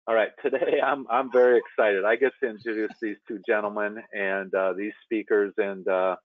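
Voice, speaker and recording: A man's voice: fairly low pitch, no echo. A man hosts a trade webinar, introducing the speakers with friendly, rambling asides. His voice comes over a thin, phone-like line. The sound is dry, with no room around it. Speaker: webinar host. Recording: tinny phone-like audio, dry.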